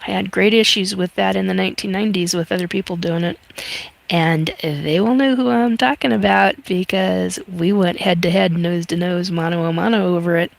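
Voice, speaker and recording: This woman, in her fifties, runs a casual livestream where she chats and reads viewers' comments aloud, using many fillers. Her voice is on the low side and creaky, with fairly even intonation and a moderate pace.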